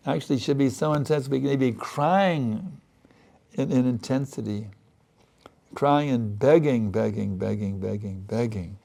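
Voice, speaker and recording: A man's voice: medium pitch, moderate pace, vocal fry, mellow. A man giving a spiritual sermon, telling a story and acting out earnest, pleading prayers. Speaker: spiritual teacher.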